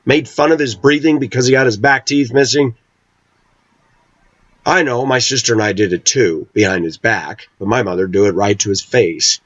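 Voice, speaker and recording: A man's voice: medium pitch, moderate pace, a bit bright, dry recording, lo-fi sound. A middle-aged man vlogging an opinionated monologue, talking with intensity and hard emphasis.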